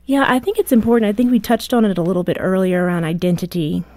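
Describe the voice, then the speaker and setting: A woman in her thirties, a guest author on a radio interview, telling family stories with lively acted-out voices. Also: medium pitch, fast, dry recording. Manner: animated storyteller, acts out voices.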